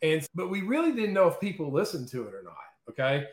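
A man guest in an interview, telling stories in a lively, chatty way and often checking in with "okay?" and "right?". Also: on the high side, quick pace, reverberant. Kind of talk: casual storytelling in an interview.

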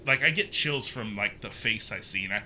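A young man casually telling a ghost story, animated and acting out the quotes. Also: fairly quick, slight background noise. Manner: animated, acts out quotes with pitch jumps.

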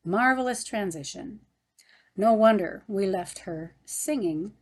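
A woman reading a devotional novel aloud as an audiobook narrator, in a gentle, devout manner. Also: mid-range voice, lively intonation, takes it slowly. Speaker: audiobook reader. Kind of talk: scripted narration.

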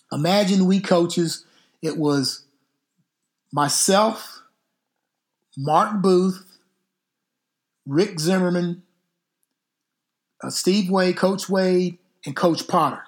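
Middle-aged football coach hosting a podcast. Slow, drawn-out storyteller who curses mildly, with a voice a bit higher than most men's. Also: male voice. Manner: unhurried, drawn-out delivery with mild cursing. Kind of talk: casual storytelling.

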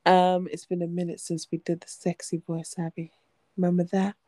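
Young woman, sleepy podcast co-host, mellow voice, dry close sound. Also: lowish voice, little pitch movement, normal speed, no echo. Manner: chatty, giggly, teasing. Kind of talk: casual chat.

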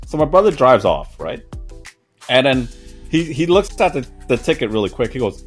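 A man's voice: mid-range voice, expressive, a little fast, soft background music. A man in his twenties telling a story in a casual podcast chat, laughing often and swearing freely. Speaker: podcast host.

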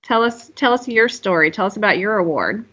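Bright-voiced woman host. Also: medium pitch, animated, fairly quick, slightly rough. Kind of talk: interview.

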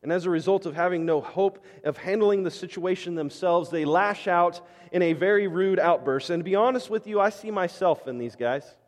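A male pastor preaches in a church sanctuary, his voice a touch high. He tells the scripture story dramatically, crying out the disciples' words before dropping to quiet reflection. A long reverb trails each phrase. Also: normal speed. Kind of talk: sermon.

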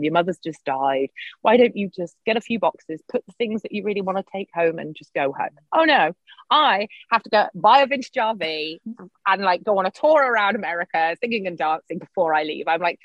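A woman's voice: lowish voice, dry recording. Middle-aged woman telling a candid story. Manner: lively, swearing, acts out her own quotes. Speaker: guest. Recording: dull lo-fi sound.

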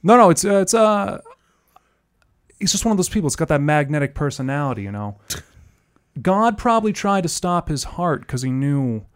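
A man on a podcast telling absurd jokes in a deadpan, matter-of-fact way. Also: on the high side, moderate pace, clear, resonant tone. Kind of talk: deadpan joking.

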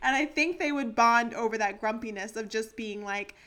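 A woman with a fairly high voice co-hosting a casual podcast. She is playful and giggly, laughing through her own made-up tale. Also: normal speed, fairly bright tone. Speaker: podcast co-host. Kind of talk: casual chat.

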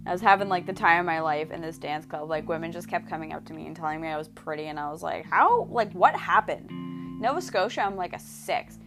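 A young Canadian woman chatting casually in a vlog, gushing and excitable, swearing and saying "like" constantly. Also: deep voice, fast talker, few pauses, music in the background. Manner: gushing and excitable, swears, fills every phrase with "like". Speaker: vlogger. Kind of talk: casual chat.

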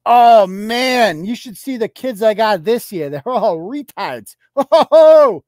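A man voicing a mean, burned-out male schoolteacher who mocks his pupils in a slow, drawn-out sneer. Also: extremely high pitch, no echo, voice pushed up, heavily acted.

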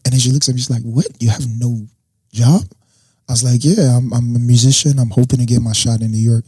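A man's voice: medium pitch, racing, breathy edge, no room sound. A young man, a guest, telling a personal story in casual talk and acting out what people said. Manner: animated storyteller acting out quotes.

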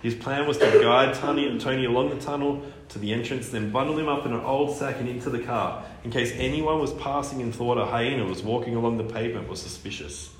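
A man reading a children's book aloud in a lively storytelling manner. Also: mid-range voice, brisk, hardly any pauses. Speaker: reader. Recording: echoey room, faint noise.

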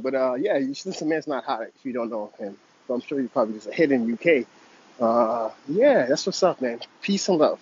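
A man's voice: mid-range voice, animated, brisk, darkish tone, slightly rough, dull audio. A man from New York calling in to a chat show, enthusiastic and slangy, laughing now and then. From New York City. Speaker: caller. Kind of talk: casual chat.

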